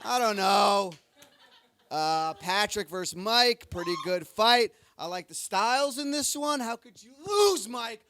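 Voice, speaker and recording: A man on a comedy club stage recapping roast battles with crude, excitable jokes that keep swinging into shouts. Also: high-pitched, a little slow, few pauses. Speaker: comedy show bishop recapping fights. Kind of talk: rowdy comic recap.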